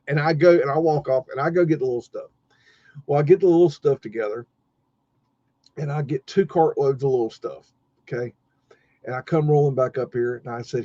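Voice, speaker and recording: A middle-aged man telling a story on a live-stream podcast in a casual, profane, animated way, acting out the other people in it. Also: a little high, moderate pace, long pauses, no echo. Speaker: podcast co-host. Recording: dull lo-fi stream audio.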